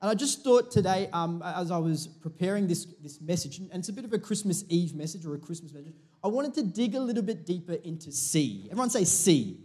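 A man's voice: sits high, big pitch swings, brisk, few pauses, warm tone, husky. A man preaching a sermon to a church congregation, in a chatty, joking manner with frequent restarts. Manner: chatty, jokey, self-interrupting preaching. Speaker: pastor.

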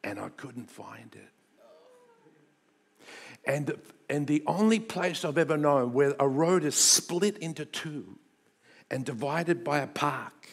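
A middle-aged man, preaching a sermon and telling a personal story in an animated way, dropping to hushed tones and rising to loud bursts. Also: a little high, normal speed. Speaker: pastor.

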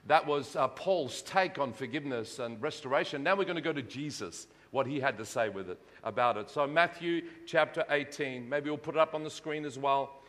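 A man's voice: medium pitch, fairly bright tone. A man preaching a sermon, reading scripture aloud and leading the congregation in call-and-response repetition. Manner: reads scripture aloud with emphatic slowed phrases. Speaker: pastor. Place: church hall. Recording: long reverb of a hall.

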